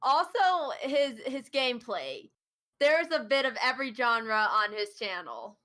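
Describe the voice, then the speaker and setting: Bright, eager young-sounding woman host. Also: a little high, sing-song, unhurried. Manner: enthusiastic, giggly fan talk. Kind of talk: casual chat.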